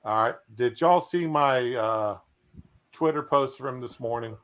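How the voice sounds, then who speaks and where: A man's voice: mid-range voice, unhurried, fairly bright tone, clean tone. Joking, drawling man hosting a stream. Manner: joking, drawling, often trailing off with fillers. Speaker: stream host. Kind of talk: casual chat. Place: home, at bed.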